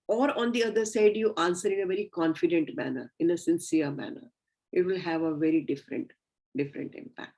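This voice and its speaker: A middle-aged woman teaches a class of medical students in a recorded lecture. She sounds earnest and instructive and often pauses on small fillers. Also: on the low side, darkish tone, rough recording.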